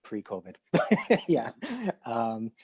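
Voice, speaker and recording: A man's voice: mid-range voice, big pitch swings, extremely slow, darkish tone, breathy edge. A man from Canada, a podcast guest and illustrator, talking casually with a stutter, many fillers and restarts, and easy laughter. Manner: laughs easily. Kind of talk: casual conversation.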